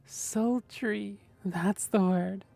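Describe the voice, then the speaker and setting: A woman streamer in casual livestream chat, explaining voice technique in a gentle, thoughtful way and often checking in with "right?". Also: medium pitch, steady tone, very slow, gravelly, faint music behind. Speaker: streamer host.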